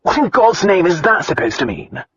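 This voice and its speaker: A man reading an audiobook, voicing an arrogant nobleman husband who is gruff, blunt and dryly teasing. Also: sits high, big pitch swings, normal speed, fairly bright tone, no room sound, highs cut off, pitched above the performer's own voice, exaggerated voice. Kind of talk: audiobook dialogue.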